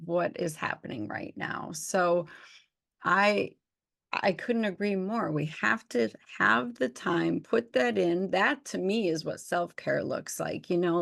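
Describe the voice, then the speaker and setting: Gravelly-voiced woman doctor hosting an interview. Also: medium pitch, slow, fairly bright tone. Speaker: host, doctor. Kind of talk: casual interview chat.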